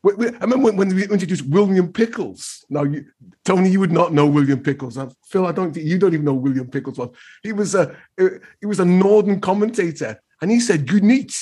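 A man's voice: high voice, animated, quick pace, a little mellow, slightly rough. A man co-hosting a review show, arguing animatedly and stumbling over his words as he goes. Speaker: regular co-host. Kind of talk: lively opinion chat.

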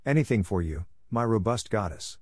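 A towering fairy-tale duke who woos and commands in grand, courtly phrases, as a man reading the story puts him on. The voice is low and dry, with little room sound. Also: expressive, normal speed, slightly rough, dry recording. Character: brawny fairy-tale duke, bold and adoring.

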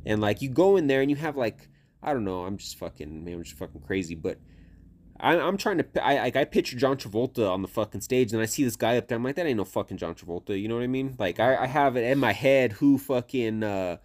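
A man's voice: medium pitch, a little fast. Profane, rambling young man co-hosting. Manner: rambling, profane, animated storytelling. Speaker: podcast co-host. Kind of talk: casual chat.

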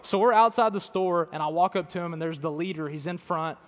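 A man's voice: on the high side, fairly quick, fairly bright tone. A man, a pastor, telling a story in a sermon, conversational and self-deprecating, earnest in tone. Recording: long reverb of a large hall.

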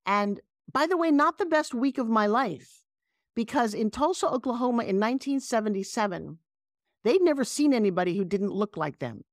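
A middle-aged woman with a New York accent, a guest telling animated stories on a video call. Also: fairly high pitch, moderate pace, no echo, clean studio sound. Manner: animated, emphatic storyteller. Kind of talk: casual interview storytelling.

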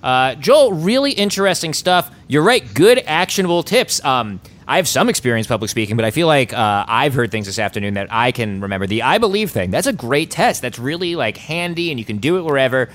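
A man's voice: mid-range voice, sing-song, fairly quick, hardly any pauses, a bit bright. A man hosting a podcast interview, talking casually with some fillers.

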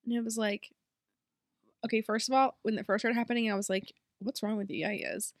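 A young woman co-hosting a podcast in casual chat, telling a rambling story that she breaks up with quick bursts of speech. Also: on the high side, fairly even intonation, no room sound, studio quality. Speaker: podcast co-host.

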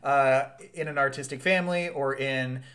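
A man's voice: mid-range voice, steady tone, a bit bright. A male actor co-hosting a podcast, explaining in casual chat with many halts and restarts. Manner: halting, restarts, then explains carefully.

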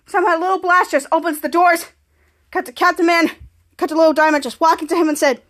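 Very high-voiced excited woman. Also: fast. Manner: excited, retelling scenes and quoting lines. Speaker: podcast host. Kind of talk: casual episode recap.

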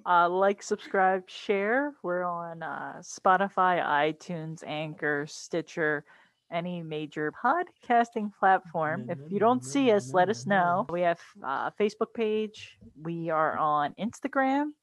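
A woman's voice: lowish voice, slow, dry recording. Woman, podcast cohost, joking, rambling, dry close recording. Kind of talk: casual chat.

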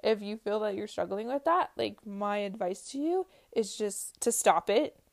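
A woman's voice: mid-range voice, expressive, normal speed. A woman in her early twenties giving an earnest, casual faith-based personal talk, full of "like" fillers. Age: early 20s. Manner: earnest, uses many "like" fillers. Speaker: vlogger.

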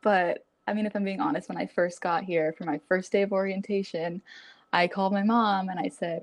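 A woman's voice: mid-range voice, normal speed, darkish tone, dry recording. A woman in her twenties, a graduate student guest in a podcast interview, upbeat and laughing often, with many likes. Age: 20s. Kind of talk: casual interview chat.

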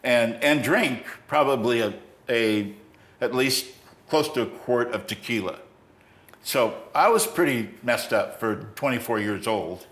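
An older man hosting a podcast, telling a story from his past to a friend in a halting way, full of restarts. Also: mid-range voice, expressive, fairly bright tone, roomy sound. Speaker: podcast host. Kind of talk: storytelling in a conversation.

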